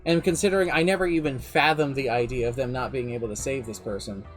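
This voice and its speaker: A man streaming live as game master, telling the story of his campaign in a casual, animated way with some swearing. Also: mid-range voice, fast talker, faint music behind. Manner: animated, swearing, shifts pace often. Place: home streaming setup.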